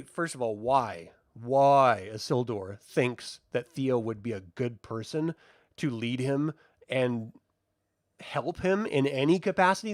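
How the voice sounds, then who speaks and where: A man's voice: fairly high pitch, no echo, studio quality. A man giving a casual, sarcastic, profane review and ranting in exasperation. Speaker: video reviewer.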